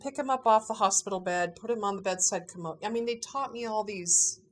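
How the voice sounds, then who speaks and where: A woman in casual conversation, recalling family events in a chatty, animated way and laughing often. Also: mid-range voice, fairly quick. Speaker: family member recounting a parent's final weeks.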